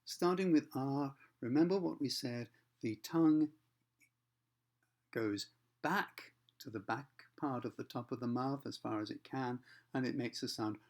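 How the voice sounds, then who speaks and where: Guy teaching pronunciation, patient, keeps asking okay? all right?, slows down to show the sounds. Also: mid-range voice. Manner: patient, often checks in with the listener. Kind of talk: explanatory lesson for learners.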